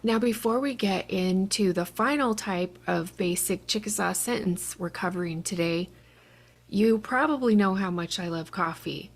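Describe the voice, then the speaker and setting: A woman's voice: medium pitch, normal speed. A woman teaching an online language lesson, patiently explaining each step.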